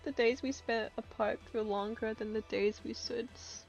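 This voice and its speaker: A woman's voice: on the high side, steady tone, moderate pace, gravelly, a little mellow, highs cut off, soft background music. A woman streaming a story game, reading its narration aloud and breaking into laughs and outbursts.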